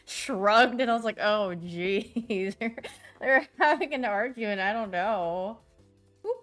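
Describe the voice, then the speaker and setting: A young woman streaming, telling stories in a lively, animated way and often laughing and squealing. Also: mid-range voice. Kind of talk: casual chat stream.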